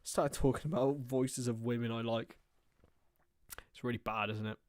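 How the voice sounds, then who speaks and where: A young man in his twenties giving chatty, excitable live football watchalong commentary to his chat, laughing often. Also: medium pitch, normal speed, pauses often, dry recording, studio quality. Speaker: streamer and commentator.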